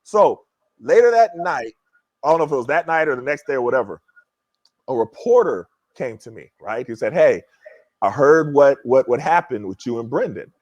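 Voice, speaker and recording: A man in his forties, a former pro athlete guest, telling a story in a lively way and acting out what others said. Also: moderate pace, no echo, muffled recording. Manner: lively, acts out quotes with shifting pitch. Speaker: guest, former NBA player. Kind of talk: animated storytelling.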